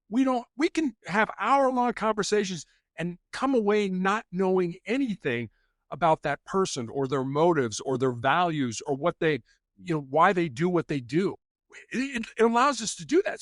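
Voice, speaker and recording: A man's voice: sits high, no echo, studio quality. A middle-aged man, a former police officer, telling stories in a podcast interview and acting out bits of dialogue as he goes. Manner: animated, acts out quoted dialogue. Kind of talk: conversational storytelling.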